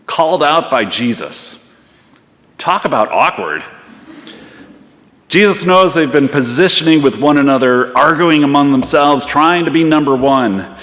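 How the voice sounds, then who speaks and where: In a church sanctuary with long hall reverb, a pastor delivers a sermon through reflective storytelling, acting out different voices. His voice is on the high side and fairly bright, with lively intonation and an unhurried pace.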